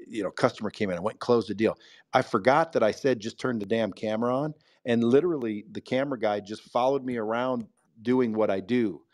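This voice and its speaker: A man's voice: lowish voice, darkish tone. Blunt, profane man telling a story. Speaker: guest speaker. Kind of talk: casual storytelling on a live audio chat.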